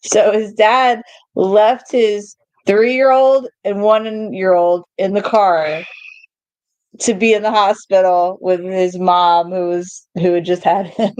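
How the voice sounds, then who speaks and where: A woman's voice: mid-range voice, steady tone, slow pace, darkish tone, clear, resonant tone, no room sound, rough recording. A woman co-hosting a podcast, telling stories in casual banter and laughing as she talks. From United States. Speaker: podcast co-host.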